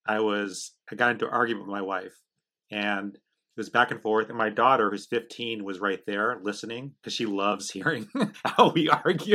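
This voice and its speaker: Man, middle-aged, bright tense voice, animated and quick, chatty host. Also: medium pitch.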